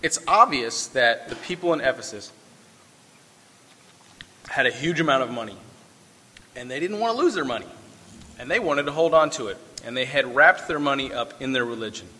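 A man preaching a sermon, mixing scripture reading with relaxed, folksy asides. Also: mid-range voice, moderate pace, long pauses, long reverb tail. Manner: conversational, folksy asides with fillers. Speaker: pastor.

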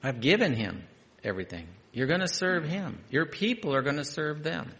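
Man, preacher, sermon, reads aloud, casual quiet asides. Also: fairly high pitch, very animated, normal speed. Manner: reads scripture aloud, then adds conversational asides, dropping to quiet emphasis.

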